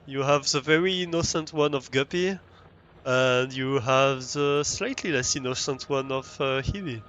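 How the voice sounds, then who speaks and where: A man's voice: mid-range voice, normal speed, a bit bright, a little hiss or hum. A man streaming a building game, chatting casually and laughing at his own mistakes as he plays. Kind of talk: casual gameplay chat.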